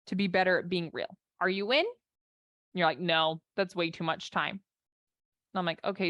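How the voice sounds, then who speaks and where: A woman life and marriage coach giving an animated, conversational talk, acting out inner voices as she goes. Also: medium pitch, no echo, clean studio sound.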